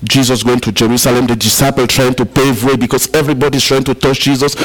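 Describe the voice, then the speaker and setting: A man's voice: mid-range voice, steady tone, quick pace, hardly any pauses, rough recording. A man from Africa preaching a sermon to a congregation, repeating key points for emphasis and chatting with the listeners. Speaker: pastor. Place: church service.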